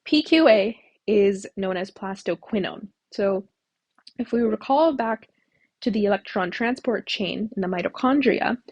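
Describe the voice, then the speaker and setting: A woman's voice: mid-range voice, lively intonation, unhurried, darkish tone, no room sound. A woman tutor explaining a topic step by step, asking herself questions as she works through a diagram. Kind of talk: whiteboard lecture.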